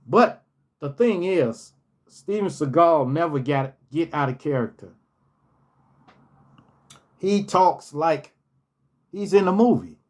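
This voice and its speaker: A former hotel manager tells personal stories from his hotel job in a casual way, repeating key phrases to stress them. His voice is on the high side and animated, but he speaks slowly and pauses often.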